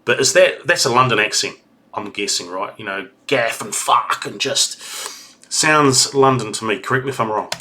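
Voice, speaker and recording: Chatty New Zealand man, bright voice. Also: medium pitch, moderate pace. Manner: chatty, rambling, reminiscing with fillers. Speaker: reaction video host. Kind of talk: casual reaction commentary.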